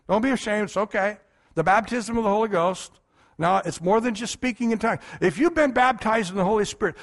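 High-voiced emphatic male preacher. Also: vocal fry. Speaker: pastor. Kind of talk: sermon.

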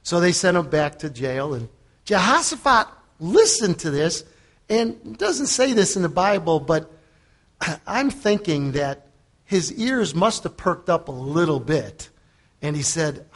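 A man's voice: high-pitched, expressive, unhurried. A man who is a preacher and fitness coach, giving a conversational sermon, telling the story with chuckles and repeating phrases for emphasis. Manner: chuckles often while talking.

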